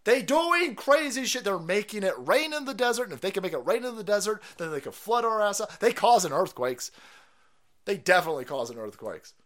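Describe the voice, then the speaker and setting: A man's voice: high voice, sing-song, a little fast, fairly bright tone. A man, a streamer delivering a foul-mouthed, incredulous conspiracy rant.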